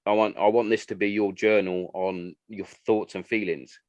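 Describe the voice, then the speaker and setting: With a fairly low, slightly mellow voice and fairly even intonation, a man in his thirties hosts a casual podcast chat at normal speed, voicing his family's lines in his stories. The audio has no room sound, and its highs are cut off.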